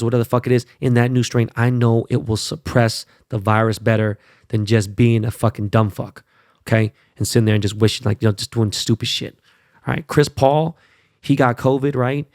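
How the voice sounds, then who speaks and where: A man hosts his own podcast in a fired-up, casual monologue, blunt and full of profanity, often tagging lines with "right?" and "okay?" His medium-pitched voice is creaky and a little mellow. The studio-quality audio has no room sound.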